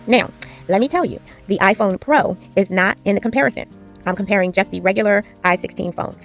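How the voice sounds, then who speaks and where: A woman chatting casually while she strings beads, telling a long story with lively retellings. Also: mid-range voice, creaky. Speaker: jewelry-making vlogger. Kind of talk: casual chat while beading.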